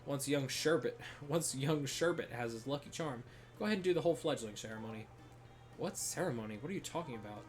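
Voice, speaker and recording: A man voicing an eccentric old male professor who loves explosions, talking in a booming, gleeful, theatrical way, sounding distant with faint music behind. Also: fairly quick, close to an everyday voice. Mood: brisk.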